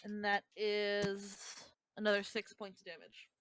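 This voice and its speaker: A woman's voice: medium pitch, little pitch movement, a little slow, background noise. A woman as game master of a casual tabletop game, narrating combat between laughing, swearing banter.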